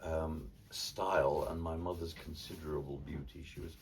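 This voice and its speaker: With a rumbling low voice and steady tone at a moderate pace, an older man from Cornwall, an artist and ventriloquist, chats casually and tells stories theatrically and wryly. The setting is his home studio, captured on a distant mic with faint room ambience and slight background noise.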